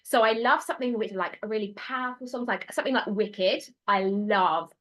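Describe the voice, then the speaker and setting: Bubbly woman, bright voice. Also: medium pitch, a little fast, dull audio. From England. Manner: bubbly, excitable, laughs often. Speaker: podcast guest. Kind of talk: casual podcast chat.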